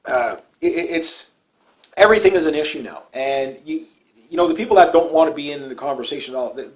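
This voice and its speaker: A middle-aged political YouTuber with a mid-range voice talks casually to his channel about politics. His monologue rambles and repeats itself, with frequent restarts, and the audio quality is poor.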